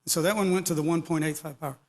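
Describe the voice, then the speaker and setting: A man's voice: on the high side, fairly even intonation, rapid-fire, darkish tone. A middle-aged or older man giving a casual, rambling technical talk to an audience, with joking asides. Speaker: conference speaker. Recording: long hall reverb.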